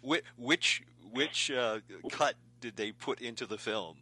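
A man's voice: medium pitch, slow, sharp tone, breathy edge, poor audio. A man interviewing an actor, easygoing, laughing along and asking follow-up questions. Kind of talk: casual interview.

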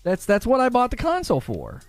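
A young man doing casual livestream commentary on games, animated and exasperated. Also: very high-pitched, faint music behind. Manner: animated, exasperated, quick retorts. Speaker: gaming streamer.

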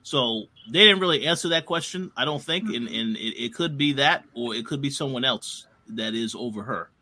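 A man's voice: medium pitch, normal speed, pushed and bright. A man co-hosting a casual TV recap chat, agreeing readily and restarting his sentences as he talks. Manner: agreeable, repeats words as he restarts. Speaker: podcast co-host.

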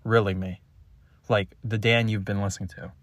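A man delivering a frustrated, halting, blunt confessional message as a spiritual content creator. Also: lowish voice, little pitch movement, dry recording.

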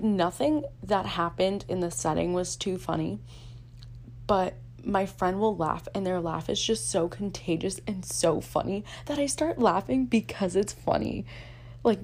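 A woman's voice: medium pitch, a little mellow, a little hiss or hum. A young woman hosting her own podcast, talking casually and chattily, with lots of fillers and self-deprecating asides. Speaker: podcast host. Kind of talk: casual solo podcast talk.

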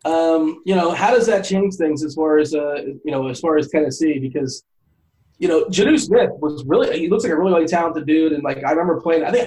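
A man's voice: a little high, a little mellow, poor audio. A man co-hosting a casual podcast chat, rambling with frequent restarts and lots of laughter. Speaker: podcast co-host.

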